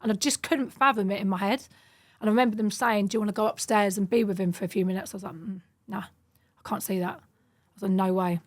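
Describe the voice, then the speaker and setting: A woman's voice: medium pitch, steady tone. A woman, a podcast guest telling a personal story in conversation and acting out the quoted dialogue as she goes. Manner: fast, vivid retelling that acts out quoted dialogue.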